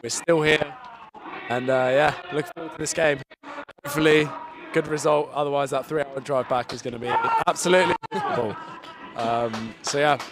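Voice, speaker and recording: A man co-commentating at a football match while getting over a cold, speaking hesitantly with many pauses and restarts. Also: on the high side. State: recovering from a cold. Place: outdoor football stadium. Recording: clear outdoor ambient noise.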